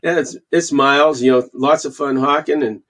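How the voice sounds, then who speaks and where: A man in his sixties from Canada, a guest falconer telling animated stories in a casual interview and acting out the quotes. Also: medium pitch, normal speed. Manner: animated storyteller, acts out quotes.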